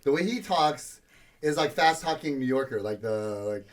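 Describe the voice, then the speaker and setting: A man's voice: a little high, moderate pace. A man co-hosting a podcast, chatting casually and cutting in with eager questions. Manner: excited, interrupts with eager questions. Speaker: podcast co-host. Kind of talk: casual chat.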